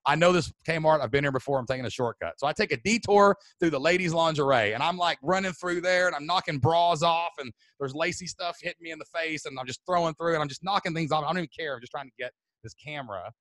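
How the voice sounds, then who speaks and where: A man, a podcast host telling a story loudly and excitably, then turning it into marketing advice. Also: a little high, dry recording. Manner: loud, excitable, fast-moving. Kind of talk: animated storytelling.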